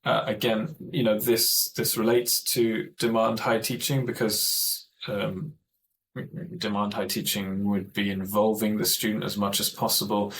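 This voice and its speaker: A man with a fairly low voice talks teachers through classroom techniques on a video call. He explains carefully and often stops to rephrase himself. A faint hiss sits under his computer mic. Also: level tone, unhurried, fairly bright tone, low-quality recording. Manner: thoughtful, explanatory, with frequent self-corrections. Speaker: teacher trainer. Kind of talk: online training presentation.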